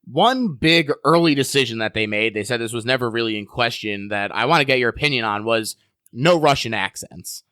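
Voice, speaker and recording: A man hosting a podcast, speaking in a measured way as he puts questions to his guest. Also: medium pitch, sharp tone, clean tone, no echo, studio quality. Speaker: podcast host. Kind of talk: casual podcast discussion.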